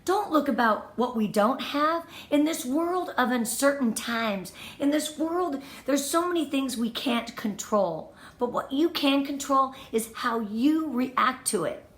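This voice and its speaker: A woman's voice: high voice, animated, a little slow, few pauses, roomy sound. A woman leading a motivational training talk for her sales team, enthusiastic and emphatic, counting off tips and repeating her key points. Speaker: direct sales team leader.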